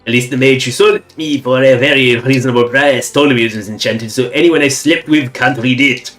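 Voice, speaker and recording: A man's voice: mid-range voice, steady tone, brisk, fairly bright tone, soft background music, natural voice. A man putting on a grumbling fake-French farmer. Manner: hammy mock-serious journal reading. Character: grumbling married male farmer, newlywed.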